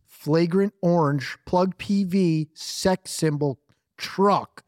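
A man's voice: sits high, slow pace, a little mellow, no room sound, studio quality. A man co-hosting a casual podcast, teasing and sarcastic, often laughing at his friend. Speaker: podcast co-host. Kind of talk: casual banter.

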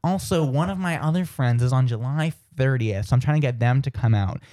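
A man's voice: mid-range voice, brisk, mellow, no echo, studio quality. A man co-hosting a radio show in casual chat, chatty and teasing, often trailing off and restarting.

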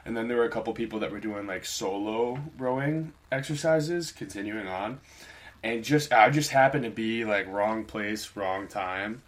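A man's voice: lowish voice, fairly bright tone. A young man on a podcast, casually telling a story in a rambling, laid-back way with lots of fillers.

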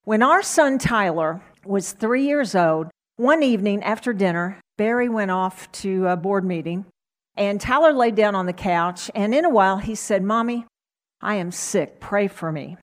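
A middle-aged woman telling a Bible story in a gentle, unhurried storytelling sermon. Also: mid-range voice, animated.

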